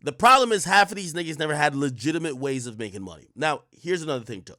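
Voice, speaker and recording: A man in his thirties, a streamer host, telling a story in casual, profane street slang, jumping from loud bursts to muttered asides. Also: on the high side, animated, fast talker, no room sound, clean studio sound.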